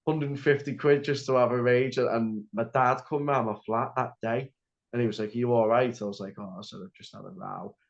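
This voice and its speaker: A young man guesting on a podcast tells a story in a rambling way, leaning heavily on "like" and restarting often. His medium-pitched voice has vocal fry, fairly even intonation and a fairly quick pace, captured in slightly dull lo-fi audio.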